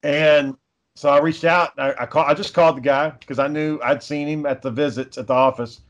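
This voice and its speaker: A man's voice: fairly high pitch, fairly even intonation, fairly quick. A middle-aged man co-hosting a podcast, telling stories in casual, profane chat. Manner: profane, rambling storyteller. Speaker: podcast co-host. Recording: dull lo-fi recording.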